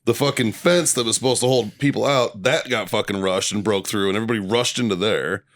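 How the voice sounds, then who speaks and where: A man's voice: lowish voice, a little fast, a bit bright, no room sound, studio quality. A man co-hosting a podcast, talking bluntly and mockingly with heavy swearing. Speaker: podcast co-host. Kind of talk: casual chat.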